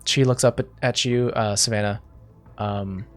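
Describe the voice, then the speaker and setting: A man's voice: fairly low pitch, steady tone, moderate pace. Man narrating a tabletop game, music behind. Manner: rambling description full of fillers and restarts. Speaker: game master.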